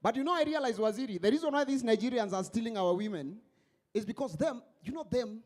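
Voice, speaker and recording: A man hosting a stand-up comedy show on stage, animated and mixing English with Swahili. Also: very high-pitched, fast.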